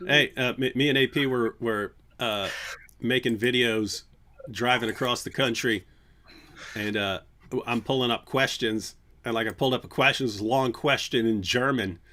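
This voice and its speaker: A man's voice: medium pitch, normal speed, bright, forceful tone. A man hosting a casual livestream, talking in a loose, rambling way full of fillers and restarts. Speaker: livestream host.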